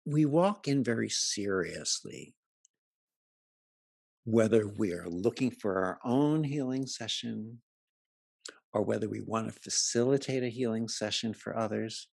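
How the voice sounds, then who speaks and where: Joking man with a gravelly voice. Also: fairly low pitch, a little slow, darkish tone, no room sound, studio quality. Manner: joking, chatty storyteller who laughs at his own stories. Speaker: speaker presenting to a live audience. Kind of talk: humorous talk with anecdotes and jokes. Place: live event before an audience.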